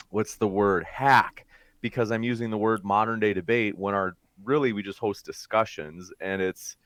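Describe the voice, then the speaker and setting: A man's voice: on the low side, no echo. A man hosting a casual interview, curious and engaged as he asks follow-up questions. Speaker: show host, interviewer.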